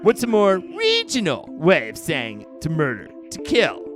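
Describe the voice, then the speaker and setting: A man doing a brash, high-pitched film director. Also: huge pitch swings, unhurried, music in the background. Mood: rude. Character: abrasive male film director, crude and arrogant.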